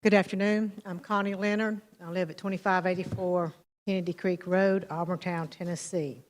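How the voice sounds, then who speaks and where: A woman stands at a committee podium in a county meeting room and reads a prepared statement. Her delivery is measured and formal. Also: lowish voice, fairly even intonation. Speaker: administrative coordinator speaking at public comment.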